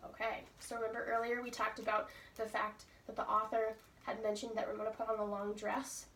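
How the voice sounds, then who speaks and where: A woman's voice: fairly high pitch, monotone, a little fast, a bit bright, a little hiss or hum. A woman teacher reading a book aloud to her class and stopping patiently to ask the pupils questions. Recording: roomy, from far off.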